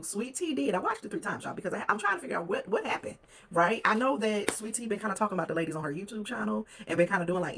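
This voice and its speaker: Fast-talking gossipy recap host. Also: medium pitch, gravelly, slight background noise. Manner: gossipy, fast-talking, quotes cast members in quick asides. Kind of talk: casual chatty recap.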